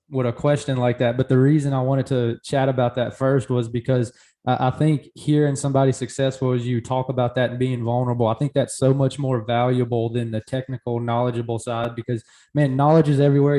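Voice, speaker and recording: A male podcast host with a mellow, warm tone speaks casually and earnestly. He drops in "man" and "like" as he builds toward his next question. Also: medium pitch, little pitch movement, fast. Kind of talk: casual interview.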